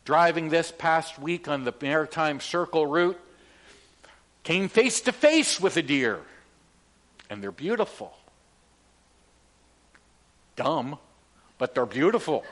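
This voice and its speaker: A man from Canada preaches a sermon in a high, unhurried voice. He leans on each phrase and has the congregation repeat lines after him. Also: expressive, fairly bright tone. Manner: slow, emphatic preaching with call-and-response. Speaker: pastor.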